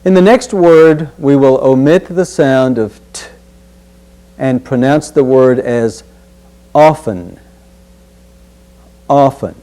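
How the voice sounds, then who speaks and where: A man teaching a pronunciation drill, saying each key word slowly and deliberately and repeating it for students. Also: mid-range voice, mellow, smooth. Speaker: speech instructor.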